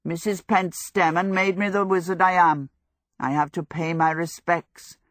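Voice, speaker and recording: A woman putting on a croaking, self-pitying young wizard. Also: fairly low pitch, steady tone, a little slow, a bit bright, no echo, studio quality. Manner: croaking, theatrical, plays for sympathy. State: hoarse with a cold.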